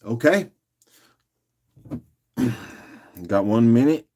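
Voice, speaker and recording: A man's voice: medium pitch, expressive, dark tone. Easygoing guy auctioning rocks on a live stream, chatty, jokes around, calls out viewers by name, mid-range voice. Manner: chatty and joking, often laughing and talking to viewers by name; loose and unhurried, with fillers and restarts while doing other tasks.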